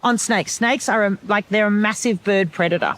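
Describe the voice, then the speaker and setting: An Australian woman chatting as a podcast guest, explaining with lively energy and breaking into bird-call imitations. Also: medium pitch, normal speed. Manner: animated explainer who imitates bird calls. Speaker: podcast guest, wilderness survivor. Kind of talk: casual chat.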